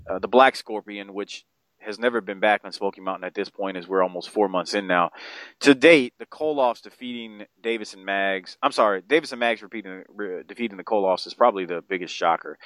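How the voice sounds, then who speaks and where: A man co-hosting a podcast in casual chat, rambling and profane, his voice jumping up in pitch when he gets excited. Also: dry recording. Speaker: podcast co-host.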